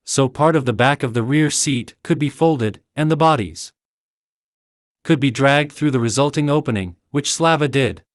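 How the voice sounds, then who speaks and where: A man's voice: mid-range voice, moderate pace, no echo. Man narrating an audiobook in a dry studio. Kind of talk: scripted narration.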